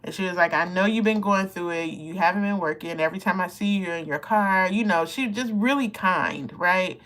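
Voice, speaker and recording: A woman around fifty hosts a casual live makeup chat. She talks warmly to her viewers, laughs often and gets emotional as she applies her makeup. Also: lowish voice, normal speed. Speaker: beauty livestream host.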